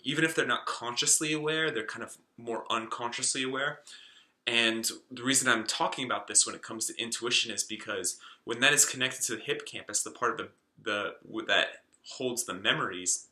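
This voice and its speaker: A man's voice: mid-range voice, sharp tone. Rambling man in his twenties, echoey room. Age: 20s. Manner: rambling, with many fillers and restarts. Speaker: self-help video host. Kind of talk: casual explainer monologue.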